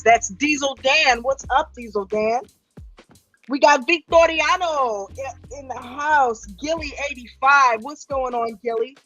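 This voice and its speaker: A woman's voice: high-pitched, fairly bright tone, dull audio. A woman hosting a livestream, casually greeting viewers one by one in a playful, teasing, affectionate way. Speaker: host.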